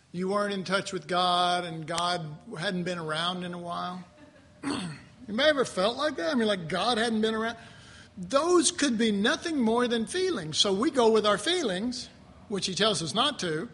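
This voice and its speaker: A man with a high, bright voice teaches the Bible conversationally. He speaks with an earnest, animated manner and a slightly husky edge, often stopping to clear his throat. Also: normal speed. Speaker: preacher.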